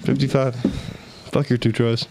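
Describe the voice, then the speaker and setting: A man's voice: medium pitch, flat delivery, normal speed, dark tone, a little hiss or hum. A man in casual banter, bragging and cursing between laughs.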